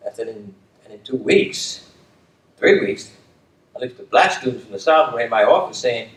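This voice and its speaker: A man's voice: medium pitch, expressive, moderate pace. An older man and former dean talking reflectively, restating his points with emphasis and often checking in with "okay?". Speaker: community leader and former dean. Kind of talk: reflective conversation. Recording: roomy, distant mic with faint room noise.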